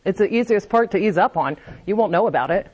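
A woman's voice: medium pitch, expressive, quick pace, a little mellow, husky. A woman speaking candidly at a recovery meeting, giving a confessional personal testimony and often restarting her sentences.

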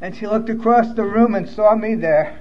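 A high-pitched man recounts his own story in a blunt, profane way that turns emotional. The recording is a little dull and lo-fi, like a modest room capture. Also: moderate pace. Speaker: speaker sharing his recovery story. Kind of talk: personal testimony storytelling.

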